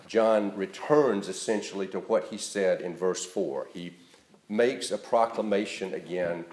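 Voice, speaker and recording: A male pastor giving an earnest, emphatic sermon that rises in stress and then drops to a soft, quiet close. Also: low-pitched, reverberant. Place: church.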